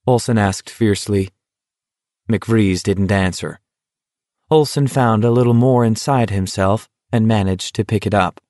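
Low-voiced male audiobook narrator. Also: warm tone, dry recording, studio quality. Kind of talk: scripted narration.

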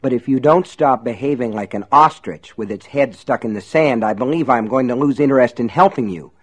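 A man reading aloud and voicing a sinister male shopkeeper who speaks in a smooth, amused, reproving way. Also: medium pitch, a little fast, close to an everyday voice. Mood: coaxing menace.

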